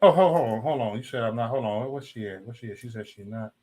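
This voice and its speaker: Here a man with a warm, mid-range voice talks fast while hosting a livestream. He goes on a heated, casual rant at his chat, cursing heavily and saying the same things over and over.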